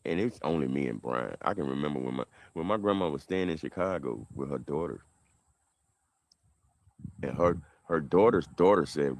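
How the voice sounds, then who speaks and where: A man with a Southern American accent telling a heated family story on a livestream, rambling and swinging between loud and quiet. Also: extremely low pitch, lively intonation, moderate pace. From southern United States. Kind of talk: animated livestream monologue.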